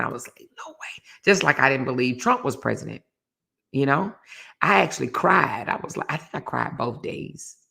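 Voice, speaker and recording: A middle-aged woman, hosting a casual live stream and telling a story, acting out quoted voices with sudden high jumps. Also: creaky. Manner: animated storyteller, acts out quoted voices with big pitch jumps. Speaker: host of a live relationship talk show.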